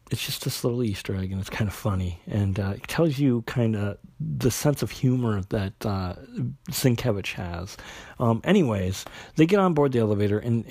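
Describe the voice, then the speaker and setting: A man casually recapping a comic book's plot, talking in a halting way with many fillers and restarts. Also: fairly low pitch, darkish tone, dry recording. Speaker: comic book reviewer.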